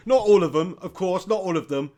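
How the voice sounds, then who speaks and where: With a high-sitting, dark-toned voice that moves a little fast, this live stream host runs a football watch-along. He banters jokingly, laughs a lot, and reads the chat out loud.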